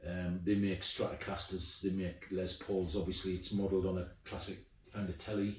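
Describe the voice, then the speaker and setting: A man's voice: low-pitched, flat delivery, moderate pace, a little hiss or hum. A middle-aged man, chatting casually and rambling with plenty of ums as he shows off his guitars. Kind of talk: casual show-and-tell. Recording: echoey room, mic at a distance.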